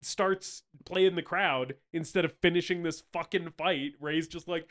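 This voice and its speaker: A man's voice: a little high, steady tone, unhurried, few pauses, fairly bright tone. A man co-hosting a casual movie-review podcast, talking animatedly, laughing often and swearing freely. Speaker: podcast co-host.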